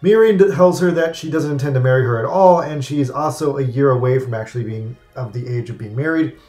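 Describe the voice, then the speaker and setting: Male anime reviewer, comedic, excitable, rambling, faint music behind. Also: mid-range voice, a little fast. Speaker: anime reviewer and channel host. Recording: echoey room with faint music.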